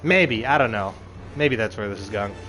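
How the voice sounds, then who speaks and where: A man's voice: fairly low pitch, normal speed, rough recording. A man giving a casual, profane recap commentary, ranting with exasperated energy and acting out quoted lines. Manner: animated, profane, exasperated rants with quoted asides. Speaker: show reviewer.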